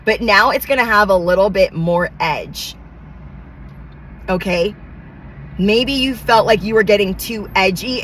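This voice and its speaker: A woman's voice: mid-range voice, fairly bright tone, a little hiss or hum, low-quality recording. A woman giving a channeled tarot reading, talking in emphatic, repetitive affirmations with casual slang. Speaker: tarot reader.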